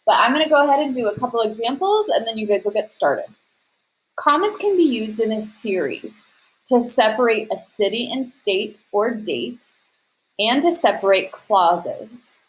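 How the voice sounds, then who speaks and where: A woman's voice: fairly high pitch, big pitch swings, normal speed, rough recording. A woman teacher walking students through a grammar worksheet, explaining patiently step by step and speaking directly to her class. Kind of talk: recorded class lesson.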